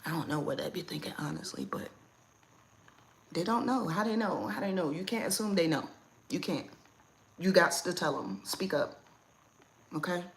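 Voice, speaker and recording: A woman's voice: lowish voice, expressive, moderate pace, creaky, pauses often. A woman hosting a casual livestream from home. She talks bluntly and with a lot of life, laughing often as she chats with her viewers. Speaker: livestream host.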